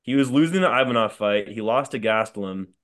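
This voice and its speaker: A man's voice: on the low side, expressive, a little fast, fairly bright tone. A man co-hosting a casual sports betting podcast, playful and teasing. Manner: playful, teasing, laughs a lot. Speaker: podcast co-host.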